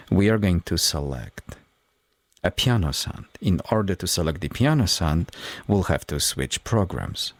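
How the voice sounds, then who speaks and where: A man hosting a music production tutorial, explaining each step in a measured, methodical way. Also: low-pitched, no echo, studio quality. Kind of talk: tutorial walkthrough.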